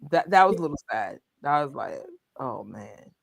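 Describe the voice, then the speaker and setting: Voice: medium pitch, very animated, normal speed, creaky, no room sound. A co-host in casual chat, telling stories animatedly with laughter and quoted reactions.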